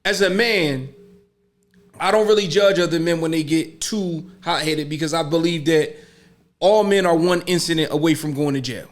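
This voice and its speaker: A man's voice: a little high, normal speed. A middle-aged man, co-hosting a podcast and explaining earnestly with lots of "you see what I'm saying". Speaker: podcast co-host. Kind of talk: casual podcast chat.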